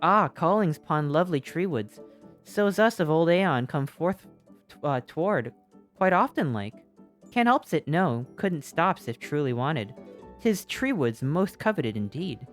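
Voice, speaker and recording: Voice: medium pitch, animated, measured pace, soft background music, pitched above the performer's own voice, natural voice. Streamer doing a quaint ancient forest being. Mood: whimsical. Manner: archaic, rambling, affectionate.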